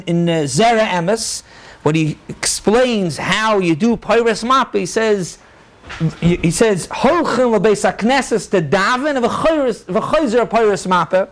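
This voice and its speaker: Man, rabbi, high voice, brisk halachic lecture, quotes sources, Hebrew and Yiddish terms in English. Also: expressive. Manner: brisk, explanatory, quotes sources and answers questions. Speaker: rabbi teaching a class. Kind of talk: halachic lecture to a live audience.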